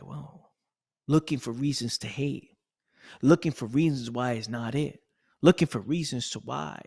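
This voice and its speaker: A man giving an intense, emphatic motivational monologue to camera, repeating phrases and calling the listener "fam", swinging between low murmurs and loud bursts. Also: unhurried, creaky, husky. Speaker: motivational coach.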